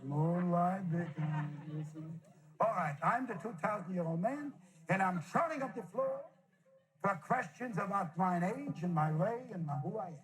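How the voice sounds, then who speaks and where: A man's voice: high-pitched, expressive, moderate pace, a bit bright. A man doing brash, joking stage comedy for a live audience.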